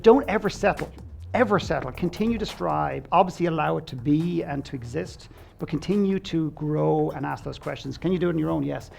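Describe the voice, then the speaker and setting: A man's voice: a little high, fairly quick, creaky, a little mellow, soft background music. A man speaking as a guest coach, telling stories in an earnest, blunt way, acting out quoted dialogue and swearing casually. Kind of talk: conversational storytelling.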